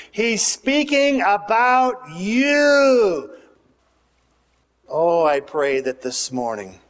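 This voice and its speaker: A man preaching a sermon as pastor, animated, swinging between loud bursts and hushed asides. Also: a little high. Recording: reverberant hall.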